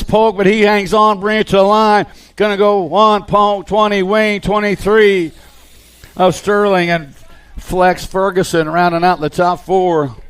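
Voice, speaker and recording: Guy announcing bmx races live, high smooth voice, hyped play by play. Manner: excited play-by-play calling riders and positions. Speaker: race announcer. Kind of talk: live race commentary.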